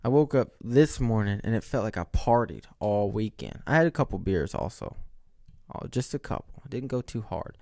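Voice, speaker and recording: A young man with a raspy voice, rambling jokingly and mocking himself while hosting his own podcast. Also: lowish voice, animated, moderate pace, darkish tone, dry recording, studio quality. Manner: rambling, jokey, self-mocking. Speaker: podcast host. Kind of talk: casual solo chat.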